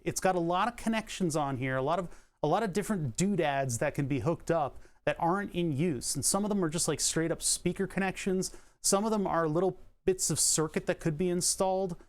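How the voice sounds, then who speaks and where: A man with a fairly high voice talks loosely through a repair on a livestream. He rambles and drifts into asides, with lots of fillers and the odd laugh. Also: normal speed. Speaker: streamer. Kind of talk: casual livestream talk while repairing electronics.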